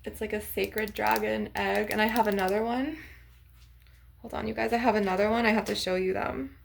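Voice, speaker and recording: A woman's voice: mid-range voice, steady tone, fairly quick, vocal fry. A young woman vlogging casually to her viewers, rambling with lots of "like" and "you guys" as she shows off her crystals. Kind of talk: casual chat to camera.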